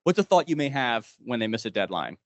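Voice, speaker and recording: A man's voice: mid-range voice, big pitch swings, fast talker. A man leading a live leadership workshop, animatedly quizzing the group. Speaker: leadership trainer.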